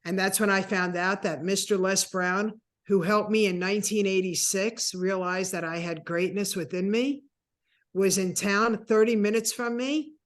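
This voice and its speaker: A woman in her sixties, a guest telling a personal story with animated, acted-out dialogue. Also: medium pitch, moderate pace. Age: 60s. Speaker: interview guest.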